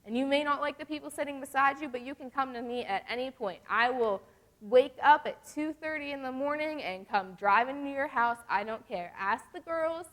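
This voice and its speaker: A woman's voice: high voice, fairly bright tone. Earnest young woman teaching a lesson. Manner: earnest, conversational, reads verses slowly. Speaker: youth group teacher. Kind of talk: casual church lesson with scripture reading.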